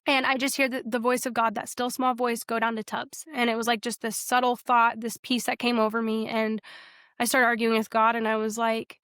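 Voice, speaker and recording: A young woman casually telling her faith story in a podcast, animated and quick to act out what people said, with lots of "like". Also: fairly high pitch, dry recording, studio quality. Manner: animated, quotes herself and others in dialogue, frequent "like". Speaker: podcast guest sharing her testimony.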